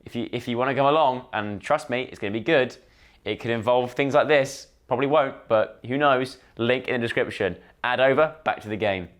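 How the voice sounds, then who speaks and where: A man's voice: mid-range voice, brisk, faint music behind. A young man chatting through a dating game for his channel, self-deprecating and chatty. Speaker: gaming YouTuber. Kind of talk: let's-play commentary.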